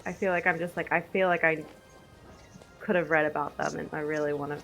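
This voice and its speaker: Casting note: woman player in a tabletop game, lowish gravelly voice, faint music behind. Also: fairly even intonation, a little fast, fairly bright tone.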